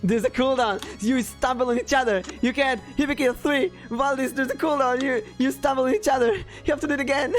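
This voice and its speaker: A woman narrating a tabletop game as game master, playful and lively. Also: high-pitched, brisk, hardly any pauses, faint music behind.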